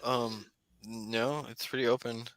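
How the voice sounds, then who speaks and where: A man's voice: mid-range voice, level tone, a little slow, a bit bright, rough recording. A man running a tabletop game as game master, narrating casually with frequent laughs.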